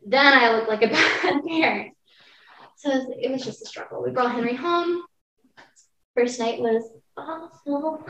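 A young woman talking candidly on a podcast, telling a personal story vividly with lots of casual fillers. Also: on the high side. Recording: roomy, distant, dull-sounding mic.

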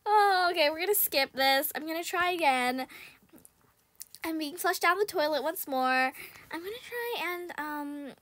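A young female gaming host narrating her game play, excitable, squealing and shouting when in danger. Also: high voice, measured pace, no room sound. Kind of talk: game commentary.

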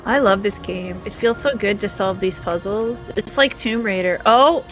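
A woman's voice: medium pitch, moderate pace, soft background music. A woman from Canada streaming a game live, chatting and giggling as she reads out viewer comments. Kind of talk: live gameplay chat, reading viewer comments.

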